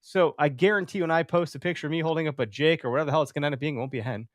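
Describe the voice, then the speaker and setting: Profane, animated man in his thirties. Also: fairly high pitch, racing, no room sound, studio quality. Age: 30s. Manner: animated and profane, acts out quoted voices. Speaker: podcast host. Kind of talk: casual podcast chat.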